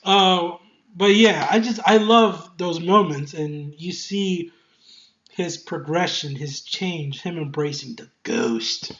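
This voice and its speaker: An excitable game reviewer talking casually, swearing often, laughing a lot and rambling with many fillers and restarts. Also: mid-range voice, slow pace, dull audio.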